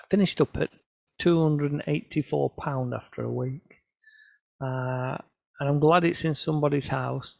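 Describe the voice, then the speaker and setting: Middle-aged man, gravelly storyteller, lightly raised pitch, dry recording. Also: a little mellow, dry recording. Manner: storytelling, self-deprecating, quoting others in voices. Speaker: photographer presenting his work. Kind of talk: casual anecdotal talk to an audience.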